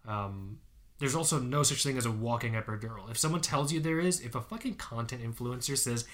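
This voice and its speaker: A man's voice: medium pitch, a little fast, fairly bright tone. A man co-hosting a casual podcast, telling a story emphatically, with frequent swearing and fillers. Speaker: podcast co-host.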